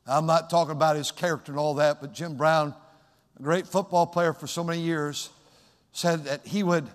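Guy preaching hard in a big church, goes quiet then yells, lots of reverb. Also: on the high side. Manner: swings from hushed storytelling to shouted preaching. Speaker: pastor. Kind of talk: fiery sermon.

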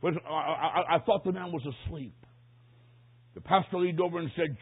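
A man preaching a sermon, telling a story dramatically, dropping to a hush and rising to a shout. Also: fairly high pitch, fairly quick, husky. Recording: tinny phone-like lo-fi recording.

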